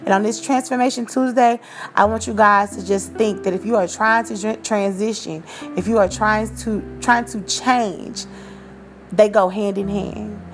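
A woman's voice: medium pitch, steady tone, unhurried. Woman in her 30s giving a pep talk on her podcast, casual slangy and encouraging, a little music underneath. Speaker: podcast host. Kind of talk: motivational podcast monologue.

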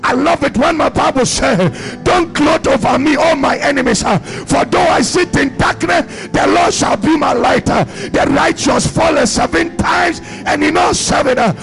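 A man preaching a charismatic sermon at a church service, shouting in rhythmic, repeating phrases with "uh" between them and commanding blessings over the congregation. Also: very high-pitched, moderate pace, gravelly, hardly any pauses, faint music behind, low-quality recording.

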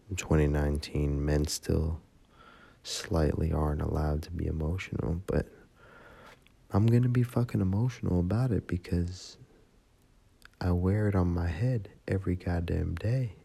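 Drunk man, very low voice, gravelly, husky, slow, profane rambling into a phone memo. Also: mellow.

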